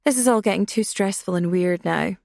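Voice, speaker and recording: A woman's voice: medium pitch, fairly quick, creaky, a little mellow, dry recording, clean studio sound, natural voice. A woman voicing a worried, easily stressed woman who frets aloud. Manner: worried and fretful.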